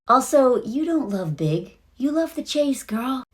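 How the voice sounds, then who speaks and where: Brief: a blunt, sarcastic woman ranting about TV, high voice that swoops all over. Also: sing-song, unhurried, hardly any pauses. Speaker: video creator. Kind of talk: sarcastic TV commentary rant.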